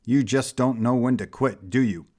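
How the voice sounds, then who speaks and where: A man's voice: mid-range voice, moderate pace, a little mellow, close to an everyday voice. A man voicing a proud, self-assured male superhero in a firm, lightly lifted voice.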